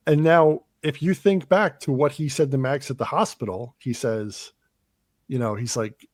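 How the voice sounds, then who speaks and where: A man's voice: medium pitch, normal speed, darkish tone, dry recording. Man retelling a movie, dry close sound. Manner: retells film scenes with quoted lines, many fillers. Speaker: podcast host. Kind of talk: casual movie podcast chat.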